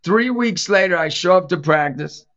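High, bright-voiced man telling animated stories. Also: moderate pace, dull audio. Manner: animated, acts out quoted voices in his stories. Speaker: Catholic evangelist and youth basketball coach. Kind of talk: casual storytelling in a podcast chat.

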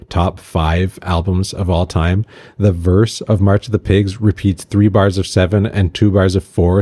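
A man's voice: sits low, dark tone. A middle-aged man hosting a podcast, talking through a casual scripted monologue with wry, sarcastic asides. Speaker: podcast host.

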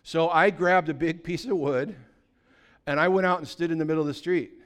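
Pastor guy from california, 50s, telling a story in a sermon, smooth clear voice, a bit on the high side, gets loud sometimes. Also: brisk. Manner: lively anecdotal, with sudden loud bursts.

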